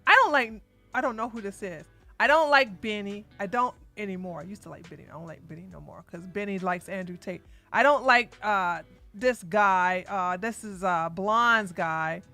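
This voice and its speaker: A woman hosting a casual livestream, chatting animatedly and breaking into loud outbursts. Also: medium pitch, moderate pace, soft background music. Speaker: livestream commentary host.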